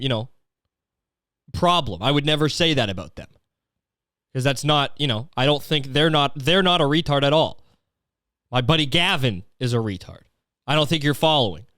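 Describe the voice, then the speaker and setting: A man's voice: fairly high pitch, fairly bright tone, no echo, clean studio sound. Profane rambling young man. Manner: profane, rambling, full of slang. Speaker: podcast host. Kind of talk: casual comedy podcast rant.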